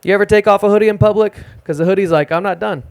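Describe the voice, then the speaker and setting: A young man doing a self-deprecating, deadpan stand-up set at an open mic in a small music club. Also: high voice, racing, clear, resonant tone. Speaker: stand-up comedian.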